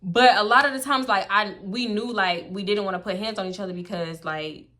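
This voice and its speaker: A young woman telling a story to camera, casual, animated and blunt, swearing freely. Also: medium pitch, a little fast. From Houston, Texas. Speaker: storytime vlogger.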